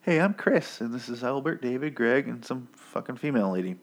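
A man's voice: mid-range voice, moderate pace, voice pushed up, natural voice. A man voicing an overly polite male cannibal leader in a chipper, falsely friendly tone. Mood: mock-polite.

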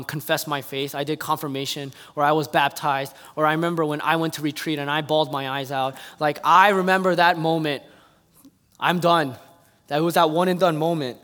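A man delivers a sermon in a noticeably high voice. He tells stories with animation and swings between soft, hushed stretches and loud outbursts. A long reverb trails his words through the hall. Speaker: preacher.

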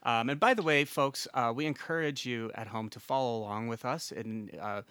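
A man's voice: mid-range voice, normal speed, fairly bright tone, clear, resonant tone, no echo. A man co-hosting a casual podcast, rambling and laughing often, with an easy, profane way of talking. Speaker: podcast co-host.

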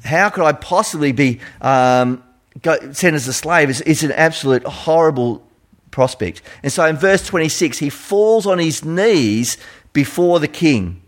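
Aussie preacher, casual and chatty, asks the congregation lots of questions, voice swings up and down. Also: male voice, a little high, unhurried. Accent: Australian. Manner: conversational, animated, asks rhetorical questions. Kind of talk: sermon.

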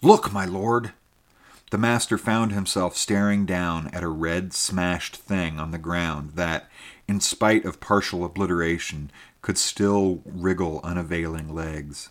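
A man narrating a story in a measured, steady reading. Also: low-pitched. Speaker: audiobook narrator. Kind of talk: scripted narration.

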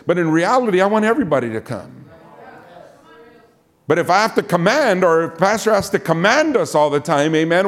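A man's voice: high-pitched, normal speed. A man preaching and telling a personal story, acting out the voices he quotes and often saying "amen.". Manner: animated, acts out quoted voices, frequent "amen". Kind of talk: storytelling sermon.

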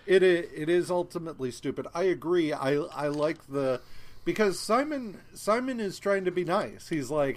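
A man co-hosts a podcast recapping comic books, chatting casually and rambling with lots of fillers, restarts and swearing. His voice is on the high side and expressive, at a moderate pace.

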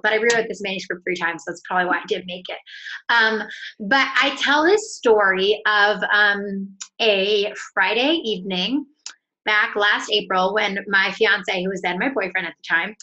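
A woman's voice: medium pitch, normal speed, highs cut off. A woman author and coach, a podcast guest, telling an upbeat story in casual talk and acting out the lines of the people in it. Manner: upbeat, animated, acts out dialogue in her story.

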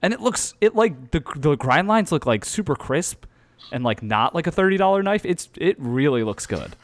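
A man's voice: on the high side, normal speed. A man co-hosting a podcast in casual chat, full of "like" and restarts, on a call. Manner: animated, filler-heavy, knife enthusiast talk. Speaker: podcast co-host. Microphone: remote call mic.

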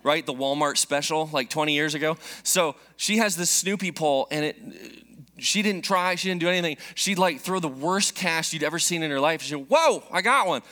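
A man in his thirties preaching a sermon, telling a personal story in an animated, joking way. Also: fairly high pitch, brisk. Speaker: pastor.

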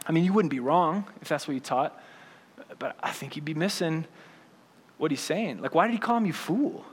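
A high-voiced male pastor delivering a sermon in a loose, conversational style, peppering his points with quick questions to the room. His voice carries a long reverb from a church sanctuary. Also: expressive, husky. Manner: conversational, frequent "right?" and "like".

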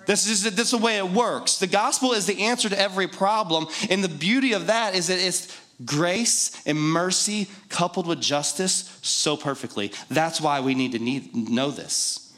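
A man's voice: sits high, normal speed, fairly bright tone. Guy preaching, talks like he's chatting with the room, jokes around then hammers the point over and over. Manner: conversational and joking, with emphatic repetition. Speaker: pastor. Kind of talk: sermon.

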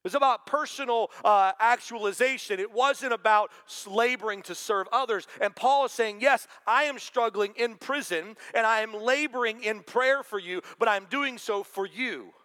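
A man's voice: high voice, normal speed, few pauses, bright, forceful tone. A man preaching a sermon to a congregation, talking in a conversational way and quoting scripture. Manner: conversational preaching with quoted asides. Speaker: pastor.

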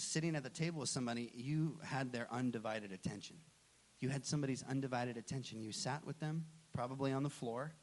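A man in his thirties, a pastor, preaching a sermon and telling a personal story, acting out the dialogue with lively energy. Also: a little high.

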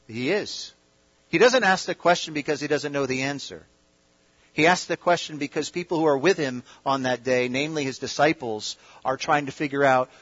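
A man preaching a sermon in an auditorium, swinging between loud emphatic peaks and quiet asides. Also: fairly high pitch, fairly quick, highs cut off. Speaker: pastor.

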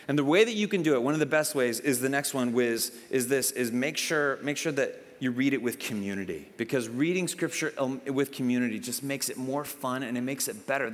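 Man preaching in an echoing church hall. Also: medium pitch. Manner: conversational, animated storytelling with acted-out dialogue. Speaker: pastor. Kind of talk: sermon. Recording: long hall reverb.

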